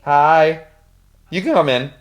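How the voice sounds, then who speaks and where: A man's voice: fairly high pitch, expressive, slow pace, faint music behind. A young man hosting a solo podcast from a room at home, theatrical and self-mocking, swearing freely. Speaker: podcast host. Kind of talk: solo podcast chat about poetry.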